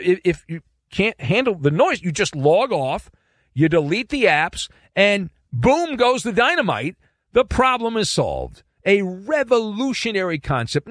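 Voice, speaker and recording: A man's voice: sits high, a bit bright, dry recording, studio quality. A man hosting a sports talk show, giving opinionated commentary in a sarcastic, mocking way.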